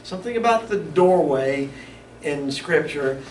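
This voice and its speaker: A man teaches a Bible study in a relaxed, conversational way, breaking off and restarting his thoughts. He is picked up from a distance in an echoey room. A steady hiss of background noise sits under his voice. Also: on the high side, a little slow. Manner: conversational, stops and restarts often.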